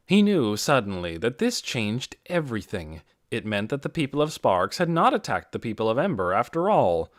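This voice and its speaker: A man reading an audiobook in a measured way, giving key phrases slow, deliberate emphasis. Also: mid-range voice, no room sound, studio quality. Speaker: audiobook narrator. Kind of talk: scripted narration.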